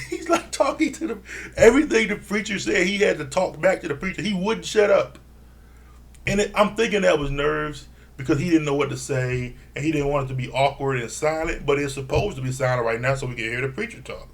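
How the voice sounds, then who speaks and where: A man giving a blunt, profane casual recap of a reality TV episode, laughing often and mimicking people in a higher voice. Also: a little fast. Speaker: reality TV reviewer.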